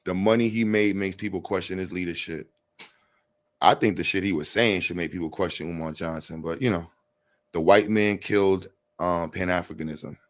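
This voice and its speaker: A man's voice: low voice, steady tone, moderate pace. A man hosting a casual live stream, talking in slang and reading chat messages aloud to answer them.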